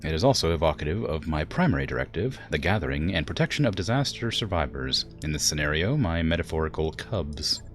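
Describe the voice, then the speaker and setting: An ancient AI weapons platform, voiced by a man, speaks in a smooth, precise manner with a put-on generic English accent. The voice sits very low but moves with lively swings in pitch. Every word is measured and formal. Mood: calm formal. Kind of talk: reading game dialogue aloud.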